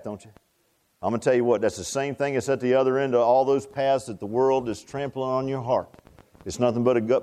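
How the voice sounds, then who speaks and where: A man's voice: on the high side, darkish tone. A man preaching a sermon in a folksy, repetitive way, often tossing out rhetorical "huh?" asides to the congregation. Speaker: pastor.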